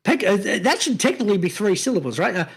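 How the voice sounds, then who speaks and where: A middle-aged Australian man tells stories in a loose, sweary podcast chat. His voice is husky and swings widely in pitch. He laughs at his own jokes. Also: fast talker. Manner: swearing, laughing, animated storyteller. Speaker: podcast co-host. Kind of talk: casual chat.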